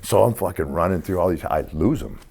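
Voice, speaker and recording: A man's voice: sits low, expressive, fairly quick, creaky, very noisy. A man in his sixties telling street stories in a casual, profane way as an interview guest, acting out the people in them. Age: 60s. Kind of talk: casual storytelling.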